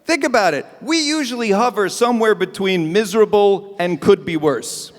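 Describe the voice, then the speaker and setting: A man with a high voice and moderate pace performs a chatty comedy set at an evening event, poking fun at himself, staying animated, and acting out bits. It's an event hall with a live audience, and long reverb trails his words.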